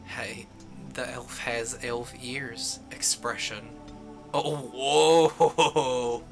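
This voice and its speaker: Unhurried man streaming a game. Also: medium pitch, flat delivery, music in the background. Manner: rambling, chuckling at his own jokes. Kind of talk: casual gameplay commentary.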